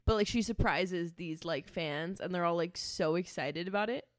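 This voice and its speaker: A woman in her twenties co-hosting a casual podcast, telling stories in a chatty, animated way and swearing freely. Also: on the low side, moderate pace, no echo, clean studio sound. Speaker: podcast co-host. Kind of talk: casual chat.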